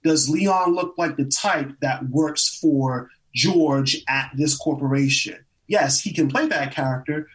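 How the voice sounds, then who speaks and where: A man in his twenties, an actor guest, telling stories in a casual interview, animated, laughing often and acting out quotes. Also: on the high side, a little slow, few pauses, far from the mic, poor audio. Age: 20s.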